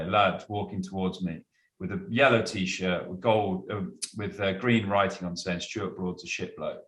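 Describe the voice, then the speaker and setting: A man's voice: low voice, a bit bright. A man, a guest cricketer, chatting casually and telling anecdotes, laughing as he goes. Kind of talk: casual storytelling. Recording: roomy echo.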